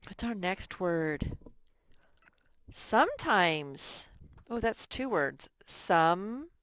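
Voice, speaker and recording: A woman teaching a sight-word lesson to young children, repeating each word slowly and stressing it in model sentences. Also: on the low side, expressive, no room sound. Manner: drawn-out, emphatic word modeling and repetition. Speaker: first grade teacher.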